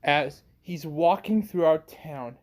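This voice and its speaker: Slow rambling young male storyteller. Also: a little high. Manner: rambling, many filler "as" and "like". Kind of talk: improvised fan story narration.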